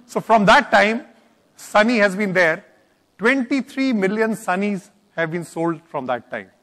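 A man with an Indian English accent, a company executive briskly presenting a car's features at a launch. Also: high-pitched, animated, bright, forceful tone. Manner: brisk, promotional, explains features. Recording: reverberant event hall.

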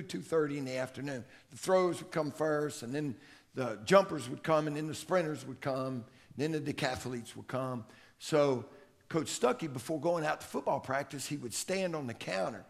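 A man's voice: on the high side, vocal fry. A middle-aged man, a strength coach giving a folksy, anecdotal conference talk. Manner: folksy, anecdotal, acts out quotes. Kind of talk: conference presentation, storytelling. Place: conference room.

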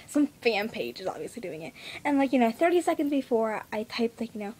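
A woman's voice: on the high side, animated, a little fast, darkish tone, breathy edge. A fourteen-year-old girl vlogging from her bedroom, breathless and giddy, often dropping into whispers. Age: teens. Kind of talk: excited fangirl vlog. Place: bedroom at home.

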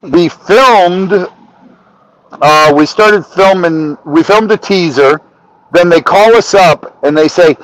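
A middle-aged man telling a story as a podcast guest, animated and profane, rising to shouts when he acts out arguments. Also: a little high, measured pace, poor audio. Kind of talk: storytelling in casual chat.

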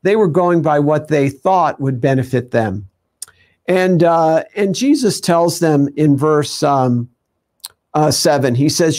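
A man's voice: on the high side, expressive, takes it slowly, a little mellow. A man teaching a conversational sermon, full of fillers and asides, acting out everyday voices as he goes. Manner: conversational, many fillers, acts out quoted voices. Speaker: teacher of a ministry show.

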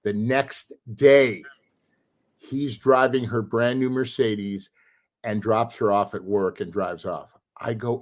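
A middle-aged man chatting on a podcast, telling a long story with lively acted-out quotes and plenty of swearing. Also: lowish voice, slow. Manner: animated storyteller, acts out quotes, swears freely. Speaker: podcast co-host. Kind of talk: casual storytelling chat.

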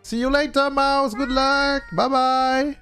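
A man with a French accent, chatting casually during a game in halting English and often repeating words. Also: extremely high pitch, level tone, over music. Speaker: game streamer. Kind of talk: casual gameplay chat.

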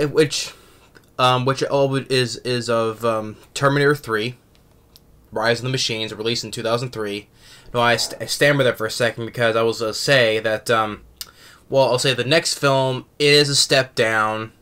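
A man's voice: mid-range voice, pushed and bright, smooth. A young man giving a casual film review who rambles and halts, restarting his sentences often. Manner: rambling, halting, many restarts and fillers. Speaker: movie reviewer.

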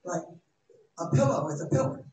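Male pastor, high-voiced, dramatic and folksy, heard from far in a big echoing sanctuary. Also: expressive, normal speed, dull audio. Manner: dramatic, shouting at peaks, folksy asides. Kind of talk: sermon. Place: church sanctuary. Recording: echoey church, distant mic, faint noise.

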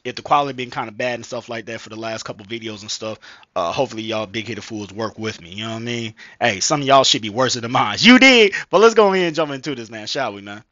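A man's voice: medium pitch, lively intonation, fast, sharp tone, no room sound, highs cut off. A man vlogging casually into a headset mic, rambling with slang, profanity and lots of fillers. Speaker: vlogger reacting to a video. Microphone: gaming headset microphone.

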